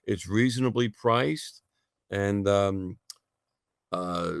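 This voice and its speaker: A man talking as a guest in a casual radio interview, halting, with many fillers and restarts. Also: lowish voice, creaky, no echo, studio quality. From United States. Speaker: guest, natural health college founder.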